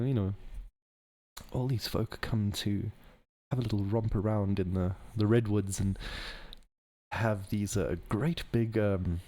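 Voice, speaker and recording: A man's voice: fairly low pitch, darkish tone. A man hosting a podcast, talking off the cuff in a rambling way with frequent laughs and self-corrections. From not American. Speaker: podcast host. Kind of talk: off-the-cuff conspiracy podcast monologue.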